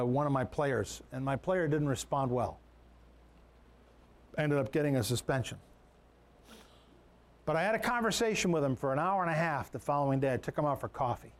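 High-voiced male pastor preaching conversationally. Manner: conversational preaching with repeated words and restarts. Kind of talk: sermon.

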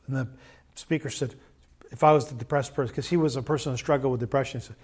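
A middle-aged man preaching a sermon in a measured, earnest way, often acting out quoted remarks. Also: medium pitch, a little mellow. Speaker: pastor.

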